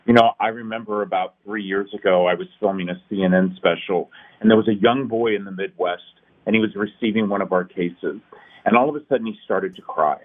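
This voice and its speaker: A man's voice: fairly low pitch, a little fast. A middle-aged man, a nonprofit founder, telling his story in an interview with earnest, emphatic passion. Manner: earnest, emphatic, building to rousing peaks. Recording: tinny phone-like line.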